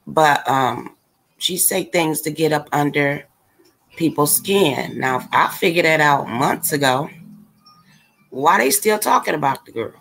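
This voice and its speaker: A woman's voice: deep voice, lively intonation, unhurried, vocal fry, fairly bright tone. Blunt, exasperated woman ranting to viewers. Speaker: livestream commentator. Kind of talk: casual ranting commentary.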